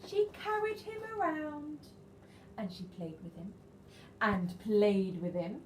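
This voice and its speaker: A woman, a nursery teacher reading a picture book to young children in an animated, sing-song way and asking them questions. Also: medium pitch, slow pace, a little hiss or hum. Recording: echoey room, faint ambience.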